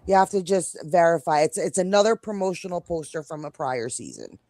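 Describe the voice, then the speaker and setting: A woman's voice: fairly low pitch, big pitch swings, brisk, a little mellow, dry recording. A woman with a New York accent co-hosting a casual live stream, chatty and rambling, often breaking off mid-sentence. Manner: chatty, rambling, self-interrupting. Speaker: co-host.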